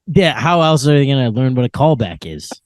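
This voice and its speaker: A man's voice: mid-range voice, big pitch swings, fairly quick, no echo, clean studio sound. A man co-hosting a comedy podcast, playful and goofy, trading puns and laughing often. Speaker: podcast co-host. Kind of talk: casual comedy chat.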